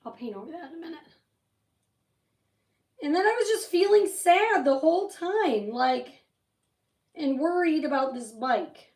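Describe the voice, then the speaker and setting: A chatty woman with a high voice rambles through a story while she crafts on a livestream. She sits a little back from the mic, and the room gives her voice a roomy echo. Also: lively intonation, a little slow, pauses often, darkish tone, far from the mic. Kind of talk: casual chat while crafting.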